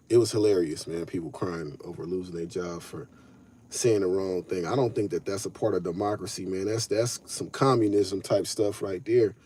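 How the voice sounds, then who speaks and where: Talking to his chat directly, a man runs a live stream full of loose, slangy, casual commentary. His voice is lowish and warm with a breathy edge.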